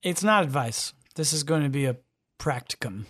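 A man's voice: a little high, normal speed, slightly rough. A man, a podcast guest and father, talking in a casual interview and acting out quotes as he tells stories. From United States. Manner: animated storyteller, acts out quotes.

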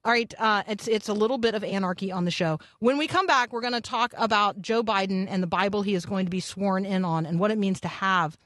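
A woman's voice: mid-range voice, fast talker, hardly any pauses, dry recording, clean studio sound. Chatty woman hosting morning radio. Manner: energetic, rambling with restarts. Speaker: radio show host. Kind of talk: Christian morning radio chat.

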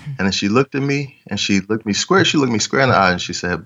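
A man's voice: low-pitched, lively intonation, normal speed, a bit bright, muffled recording. A man interviewed as a podcast guest, telling a story in an earnest, reflective way with trailing restarts.

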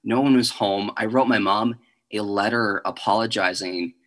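A young man, a guest in an interview, telling a personal faith story in an earnest, halting way with nervous little laughs. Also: fairly low pitch, a bit bright.

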